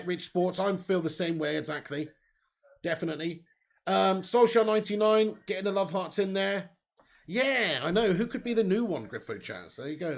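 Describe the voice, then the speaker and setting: A young man hosts a live football watch-along, calling the play and reading viewer comments from the chat. His voice sits a little high with a gravelly edge, and he's chatty and laughs easily.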